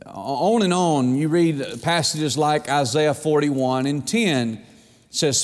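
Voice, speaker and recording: Pastor preaching in a reverberant hall. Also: male voice, fairly high pitch. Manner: reads scripture slowly, tells folksy anecdotes. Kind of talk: sermon.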